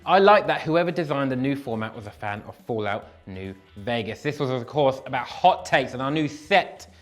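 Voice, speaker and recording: A young Englishman hosting a casual comments show, joking at his own expense and breaking into sudden animated outbursts. His voice sits at a middle pitch. Faint music plays under him. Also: normal speed. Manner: jokey, self-deprecating, animated bursts. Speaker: host reading viewer comments.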